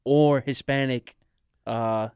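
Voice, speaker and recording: Chatty co-host with a smooth, somewhat high voice, dry close sound. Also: male voice, fairly even intonation, slow, darkish tone, dry recording. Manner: chatty, laughs easily. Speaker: podcast co-host. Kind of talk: casual sports talk.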